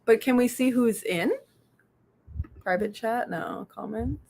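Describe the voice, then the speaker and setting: A woman's voice: fairly high pitch, a little slow, creaky, a little mellow. A young woman with a slight lisp from aligners who hosts a book club livestream, chatting casually, laughing often and losing her thread. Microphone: computer mic on a livestream.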